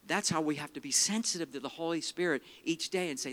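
A middle-aged man preaches with a bright, forceful edge to his voice. He tells personal stories earnestly, weaves in scripture, and sinks to a hushed tone at the solemn moments. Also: on the high side, a little fast. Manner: earnest storytelling, quotes scripture, drops quiet for emotional parts. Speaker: evangelist speaker. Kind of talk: sermon with personal testimony.

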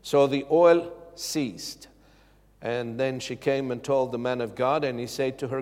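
A man's voice: medium pitch, steady tone, measured pace, a little mellow, in a large hall. A man preaching a sermon with emphasis, calling out questions to his congregation.

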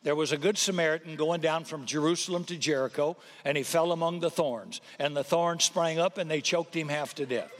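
A man's voice: a little high, a little fast, few pauses, in a large hall, close to an everyday voice. A man voicing an uneducated would-be preacher who earnestly rambles through jumbled scripture stories. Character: simple, eager uneducated old-time preacher candidate.

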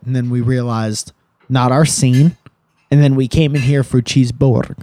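A man's voice: medium pitch, little pitch movement, moderate pace, warm tone, no room sound. A young man co-hosting a casual podcast, rambling and joking with crude, profane humor. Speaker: podcast co-host.

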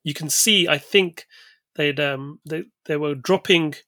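A man's voice: a little high, a little slow, sharp tone, no echo, clean studio sound. A man co-hosting a casual chat, enthusiastic and full of fillers. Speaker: co-host.

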